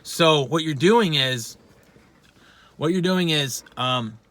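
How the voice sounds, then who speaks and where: A man's voice: fairly high pitch, slow pace, a bit bright. A man giving a casual vocal lesson, talking bluntly with plenty of swearing and poking fun at himself. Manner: blunt, profane, self-deprecating. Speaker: vocal instructor.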